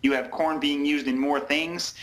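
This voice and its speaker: A man with a somewhat high, bright voice explains commodity markets as a guest. He speaks in a measured way and leans on numbers and data. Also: fairly even intonation, poor audio. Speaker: fund company president, guest.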